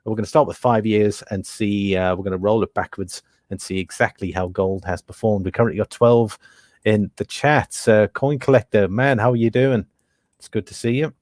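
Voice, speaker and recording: British male livestream host, lowish voice, dry close sound, easygoing and full of fillers. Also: normal speed, no room sound. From Britain. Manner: relaxed, thinks aloud with many fillers, reads out viewer comments. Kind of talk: casual livestream commentary.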